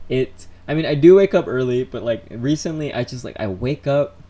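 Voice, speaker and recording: A young man telling stories on a casual live stream, rambling and animated, full of fillers and restarts. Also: medium pitch, moderate pace. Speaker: vlogger.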